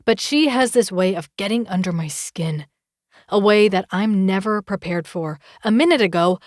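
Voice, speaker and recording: A woman narrating a romance audiobook in the first person, with an expressive, measured reading. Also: mid-range voice, dry recording, studio quality.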